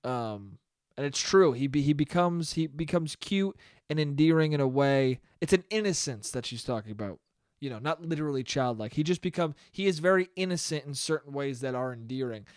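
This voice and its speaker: A man's voice: on the high side, expressive, fairly quick, clear, resonant tone, no echo, clean studio sound. A young man hosting a solo comedy podcast, rambling and profane, laughing at his own jokes. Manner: slips into mock voices. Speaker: podcast host.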